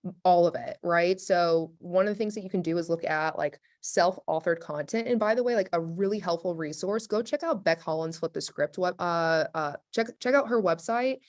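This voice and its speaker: Chatty woman on a webinar panel, low voice. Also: moderate pace. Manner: chatty, energetic, many fillers like "like". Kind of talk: casual panel discussion.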